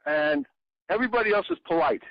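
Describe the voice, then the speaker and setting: A man's voice: high-pitched, fast, dry recording. An older man, a guest in an interview, telling long stories in casual talk and acting out the lines he quotes. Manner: animated storyteller, acts out quoted lines in a raised voice. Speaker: interview guest, former bandmate and exhibit designer. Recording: dull lo-fi call audio.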